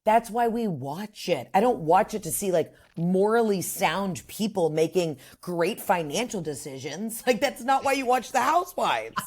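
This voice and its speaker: Lively woman comedian telling stories. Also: mid-range voice, moderate pace, few pauses, slightly rough. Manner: animated storyteller who acts out quoted voices. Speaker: podcast guest, comedian. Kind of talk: casual podcast chat.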